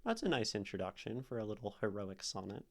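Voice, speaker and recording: A man's voice: lowish voice, sing-song, fairly quick. A male streamer casually explaining poetry step by step, thinking aloud with fillers as he goes.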